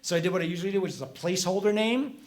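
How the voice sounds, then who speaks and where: Chatty, lively man giving a public talk. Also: sits high, rapid-fire. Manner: chatty, animated, acts out voices in anecdotes. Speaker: comics author answering audience questions. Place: library event room with audience.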